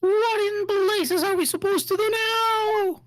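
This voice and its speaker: A woman's voice: extremely high pitch, steady tone, slow pace, dry recording, voice pushed up. A woman voicing a stern, fussy old male judge in a courtroom game, reading his lines in a pompous, scolding way. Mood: exasperated.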